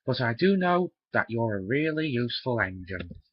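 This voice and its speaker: A narrator doing a gruff genial railway boss. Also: medium pitch, very animated, normal speed, lo-fi sound, voice pushed down. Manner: gruff, chuckling, fatherly.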